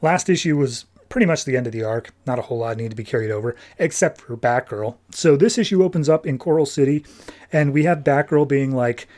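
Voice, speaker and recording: Male podcast host, offhand and rambling with lots of fillers, voice a touch high. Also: darkish tone. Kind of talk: casual comic book review.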